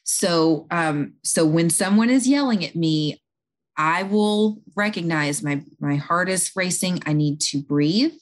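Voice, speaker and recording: A woman speaking as an interview guest, calmly explaining and talking through everyday examples. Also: fairly low pitch, takes it slowly. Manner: calm, explanatory, talks listeners through examples. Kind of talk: conversational advice.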